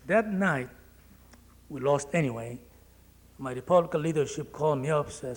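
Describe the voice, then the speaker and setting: A man with a Korean accent, a congressman giving a public speech in a plainspoken, joking way with halting phrasing. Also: medium pitch.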